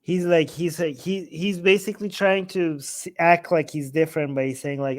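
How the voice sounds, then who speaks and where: Man, fairly high voice, casual reaction commentary, animated, exclaiming, mimicking quoted lines. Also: moderate pace, hardly any pauses. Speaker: commentator translating a video.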